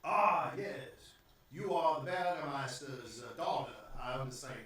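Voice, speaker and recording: A man voicing a big, gray-haired older baron with a Southern drawl, speaking slowly and courteously with many pauses. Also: on the high side, animated, fairly bright tone, roomy sound, recorded from a distance. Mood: condescending. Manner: slow, courteous, halting speech.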